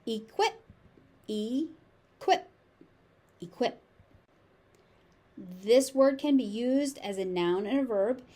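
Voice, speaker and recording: A woman with a General American accent teaching pronunciation, saying each word slowly, sometimes syllable by syllable. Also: on the high side, lively intonation, dark tone. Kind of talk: slow, deliberate pronunciation lesson.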